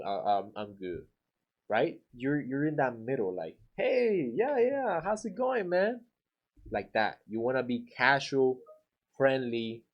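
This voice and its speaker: A man coaching painters on winning estimates, talking casually and acting out greetings in playful voices. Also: medium pitch. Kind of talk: casual instructional talk to camera.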